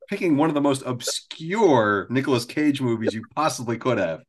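A man's voice: mid-range voice, expressive, normal speed, a little hiss or hum. A man co-hosting a podcast in casual chat, making wry remarks and laughing along. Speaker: podcast co-host.

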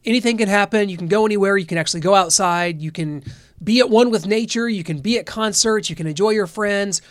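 With a high voice and a fast pace, a man from the American Midwest rambles cheerfully through casual chat as host of a rock podcast. The recording is clean studio sound with no echo.

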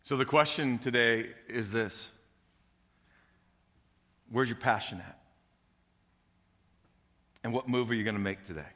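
A man as pastor, calmly closing a sermon and leading the church into response time. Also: mid-range voice, unhurried, pauses often, big-room sound.

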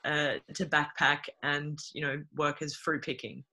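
Australian speaker, bright tone, chatty and easily amused, lots of fillers. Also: medium pitch, flat delivery, unhurried. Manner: laughs often, rambling with many fillers. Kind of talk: casual podcast chat.

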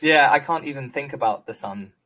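A man's voice: medium pitch, a little fast. A man with a posh Northern English accent, a GP chatting as a podcast guest, telling stories with self-deprecating humour. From England, born Liverpool, raised Manchester. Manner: lively storytelling, self-deprecating, frequent laughs. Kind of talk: casual podcast chat.

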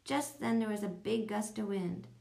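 A woman narrating a children's audiobook, telling it in a lively storytelling manner. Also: normal speed, creaky. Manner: lively storytelling, voicing children in higher tones.

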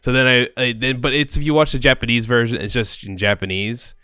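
A man's voice: medium pitch, steady tone, brisk, sharp tone, clean tone, no echo, clean studio sound. A man chatting casually, rambling with frequent restarts and fillers. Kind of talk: casual chat.

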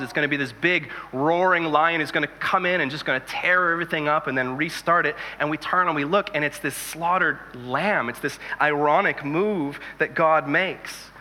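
Male pastor, 30s, chatty sermon delivery with jokes, slightly high voice, long reverb. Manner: conversational, animated storytelling with jokes.

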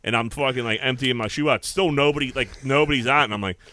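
A man co-hosting a podcast, telling stories in casual banter, swearing freely and getting loud when excited. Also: mid-range voice, quick pace. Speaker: podcast co-host.

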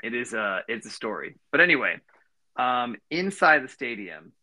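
A man's voice: mid-range voice, big pitch swings, normal speed, sharp tone, dry recording. Podcast co-host, man, 30s, mid-range voice; loose rambling delivery full of fillers, dry recording. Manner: rambling, many fillers and restarts. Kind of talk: casual storytelling chat.

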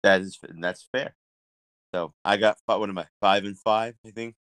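A man co-hosting a casual sports podcast, talking in an animated way, laughing often and restarting his sentences. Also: lowish voice, normal speed, no room sound. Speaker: podcast co-host.

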